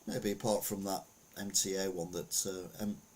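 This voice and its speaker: A man's voice: sits low, level tone, moderate pace, a little mellow, slight background noise. A middle-aged man giving casual opinion commentary as a podcast host, rambling with lots of fillers and restarts.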